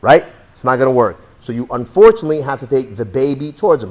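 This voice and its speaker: A male self-defense instructor walks his students through a demonstration in a blunt, streetwise way, swearing casually as he explains each move. His voice sits at an ordinary middle pitch. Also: animated, fast, few pauses. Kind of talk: hands-on demonstration lesson.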